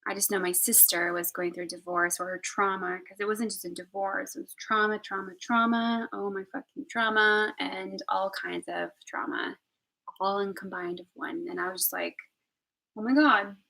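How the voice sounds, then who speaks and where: A young woman telling a personal story on a live stream, candid and emotional, swinging between loud outbursts and hushed whispers. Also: mid-range voice, flat delivery, moderate pace, creaky, rough recording. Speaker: vlogger.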